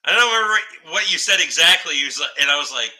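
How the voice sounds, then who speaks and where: A man's voice: a little high, lively intonation, quick pace, bright, forceful tone, poor audio. A man telling rambling shop stories in casual podcast chat, swearing constantly and laughing as he goes. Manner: laughs through his stories. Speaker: podcast host.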